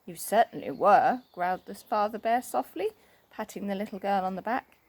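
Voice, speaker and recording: A woman reading a children's story aloud, expressive and animated. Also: medium pitch, a little fast.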